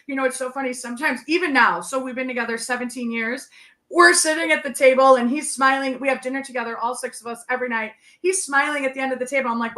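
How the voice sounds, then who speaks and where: A woman in her thirties, a guest on a video call, chatting casually, quick and animated, laughing often as she tells stories. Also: high voice. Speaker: guest medium. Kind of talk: casual chat.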